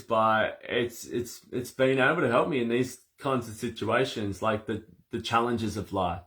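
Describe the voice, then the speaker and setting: Laughing and animated, a man guides breath work during a casual conversation, acting out little scenarios. He speaks in a mid-range voice.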